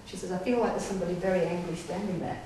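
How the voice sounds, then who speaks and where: A woman's voice: fairly low pitch, fairly even intonation, very fast, mellow, recorded from a distance. A woman, a paranormal investigator giving a chatty talk to an audience, often checking in and laughing. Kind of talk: casual storytelling talk to an audience. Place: display day inside an old gaol. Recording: echoey room heard from afar, faint hiss.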